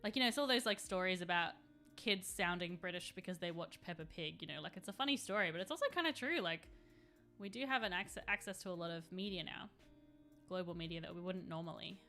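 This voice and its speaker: A woman talks through a live stream in a bright, clear voice. She rambles in a chatty way and answers her chat while she paints. Faint music plays quietly behind her. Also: lowish voice, fast.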